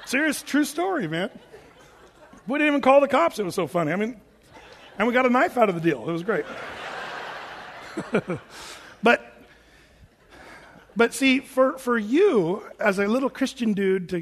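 A pastor preaching a sermon in a joking, animated way, acting out quoted voices as he goes. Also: very high-pitched, moderate pace, pauses often. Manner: jokey, acts out quoted voices; self-described big guy. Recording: long reverb of a large hall.

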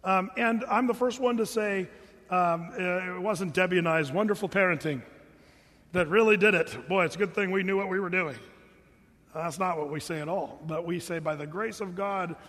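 A man's voice: sits high, normal speed, fairly bright tone, in a large hall. A middle-aged man preaching a sermon as pastor, earnest and folksy, talking straight to his congregation.

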